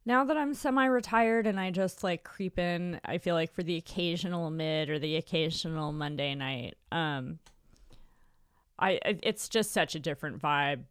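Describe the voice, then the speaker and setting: Smooth-voiced wry woman. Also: on the low side, moderate pace, no room sound, studio quality. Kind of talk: casual chat.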